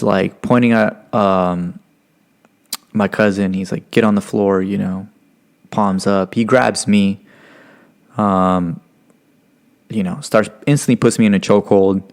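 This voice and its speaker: A man's voice: lowish voice, fairly even intonation, measured pace, long pauses, a little mellow. A man from Stockton, California, a podcast guest, tells a story in a casual, profane, rambling way with many fillers. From Stockton, California, United States.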